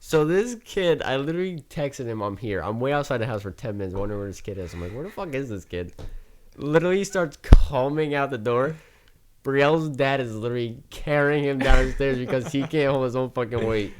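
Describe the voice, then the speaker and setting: A man's voice: mid-range voice, expressive, fairly quick, a little hiss or hum. A young man from New Jersey, a podcast guest, telling a rambling, profane story in casual chat full of "like". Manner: rambling, filler-heavy, profane anecdote telling.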